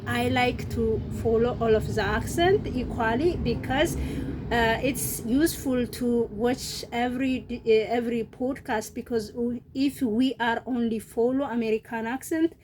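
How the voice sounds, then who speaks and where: Young female vlogger, non-native English speaker, earnest, stop-start delivery, somewhat high voice. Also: darkish tone. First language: not English. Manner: earnest, halting, many fillers and restarts. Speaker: YouTuber. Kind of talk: casual vlog talk to viewers.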